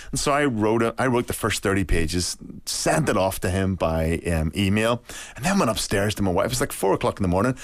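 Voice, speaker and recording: A middle-aged novelist from Ireland, telling an animated story in an interview and acting out the voices of others. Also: male voice, lowish voice, fairly quick, no echo, studio quality. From Northern Ireland. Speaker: novelist guest.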